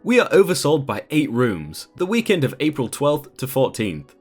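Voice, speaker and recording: A man hosting a channel and reading Reddit stories aloud in a lively, conversational way. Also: mid-range voice, moderate pace, soft background music. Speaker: host.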